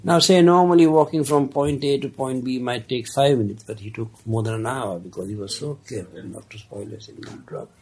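A man telling a parable in an unhurried, conversational way, with many casual asides. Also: mid-range voice, slightly rough. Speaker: storyteller. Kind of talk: casual spoken storytelling of a parable.

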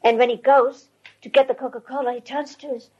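An older woman tells a story in a rambling, chatty way, her voice husky and fairly high. The recording sounds dull and lo-fi, like old tape. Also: flat delivery, a little fast. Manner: rambling, conversational, with restarts. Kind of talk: casual anecdotal storytelling.

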